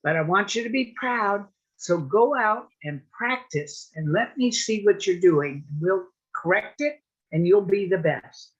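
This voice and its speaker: A woman's voice: medium pitch, expressive, husky, lo-fi sound. A woman voicing a proud, bossy senior male snake who lectures the young snakes. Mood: indignant. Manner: preachy, indignant, quick when riled.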